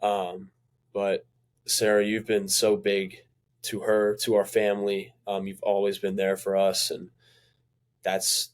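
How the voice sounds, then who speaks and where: A man's voice: on the low side, monotone, takes it slowly. A young man in college, a podcast guest speaking earnestly and hesitantly in casual chat. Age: young adult, college student. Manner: earnest, hesitant, many fillers.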